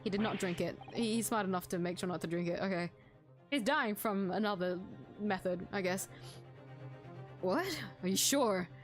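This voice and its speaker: A woman's voice: medium pitch, fairly quick, soft background music. A woman casually commenting while playing a game, thinking aloud in a chatty way. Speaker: game streamer. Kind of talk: casual let's-play commentary.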